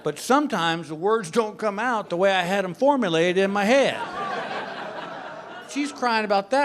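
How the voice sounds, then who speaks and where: Amid background noise, an older man delivers a club stand-up routine in a high-pitched voice at a moderate pace. His stories are animated and full of mock exasperation.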